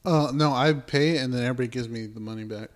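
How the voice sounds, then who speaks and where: A young man telling a story on a casual podcast, swearing freely and slipping into quoted voices. His pitch sits in the middle of the usual male range. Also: fast. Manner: profane storyteller, acts out his own quotes. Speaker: podcast co-host. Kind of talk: casual chat.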